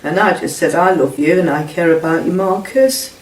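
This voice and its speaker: A man's voice: on the high side, moderate pace. A middle-aged man, giving blunt, sweary personal testimony in an interview and repeating himself as he retells events. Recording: roomy, distant mic, faint ambience.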